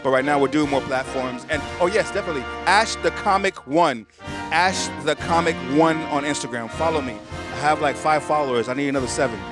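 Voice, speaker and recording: Man, comedian, casual interview, chatty, self-deprecating, raised pitch, loud music behind. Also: brisk.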